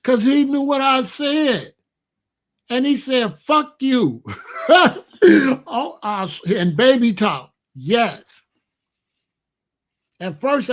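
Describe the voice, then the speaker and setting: A middle-aged man, telling folksy stories at a casual, animated pace as the host of an online show, with loud exclamations. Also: very high voice, unhurried. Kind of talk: casual storytelling monologue.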